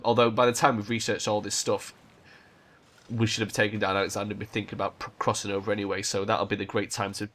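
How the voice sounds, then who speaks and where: Casually narrating his thoughts during a strategy game let's play, a man lets the occasional swear word slip. He has a lowish, slightly bright voice.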